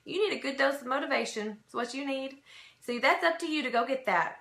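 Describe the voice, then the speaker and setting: A woman's voice: high voice, a little fast, creaky, fairly bright tone, reverberant. A woman giving an emphatic, repetitive motivational training talk to her sales team.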